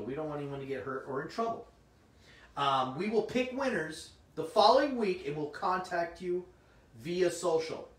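A middle-aged man, slightly hoarse, hosting a comic shop livestream in casual, chatty talk and answering viewers' comments. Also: high-pitched. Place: indoor room. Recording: roomy, distant mic, faint noise.

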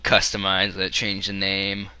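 A Canadian man with a hoarse voice, half losing it, rambling through casual game commentary with joking asides. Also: sits low, monotone, measured pace, bright, forceful tone, slight background noise. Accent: Canadian English. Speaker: gaming video creator.

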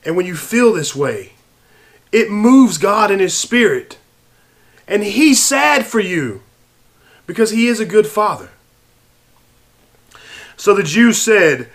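A man preaching an evening sermon and reading scripture, earnest, moving between hushed and raised passages. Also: high-pitched, very animated, slow, pauses often.

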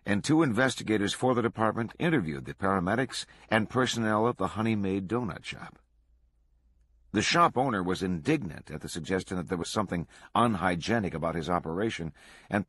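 Husky low-voiced man reading aloud. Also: fairly bright tone, no room sound. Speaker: book club reader. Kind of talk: reading a true crime book aloud.

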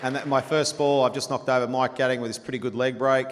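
A man's voice: medium pitch, flat delivery, fast talker, crowd noise. A man in his forties with an Australian accent, telling a chatty, blunt, profane sporting anecdote to a dinner audience and laughing along. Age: 40s. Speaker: guest storyteller. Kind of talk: after-dinner anecdote on stage. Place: large dinner hall. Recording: reverberant hall, faint room noise.

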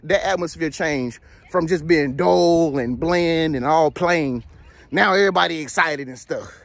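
A man giving a casual motivational talk, animated and slangy, joking as he tells stories. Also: fairly high pitch, moderate pace, creaky, dry recording. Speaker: motivational vlogger.

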